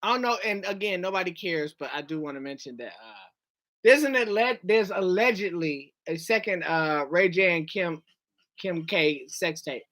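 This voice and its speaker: A woman's voice: fairly low pitch, lively intonation, normal speed, a bit bright. A woman hosting a live talk show in blunt, profane casual chat, repeating herself for emphasis. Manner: blunt, emphatic, swears freely.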